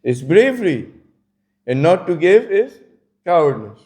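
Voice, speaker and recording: A man's voice: on the high side, very animated, a little slow, a little mellow. A man delivering a conversational religious lecture, telling stories with many casual asides. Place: community centre lecture.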